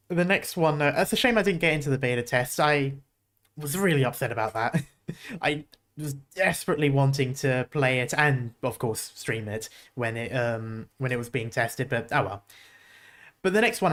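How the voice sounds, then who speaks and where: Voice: mid-range voice, a bit bright. A streamer reacting to game trailers in casual commentary, rambling and laughing often.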